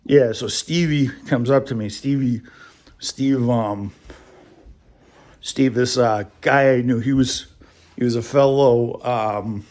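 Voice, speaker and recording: This vlogger speaks slowly in a mid-range, slightly mellow voice, rambling chattily through a workplace story and laughing frequently.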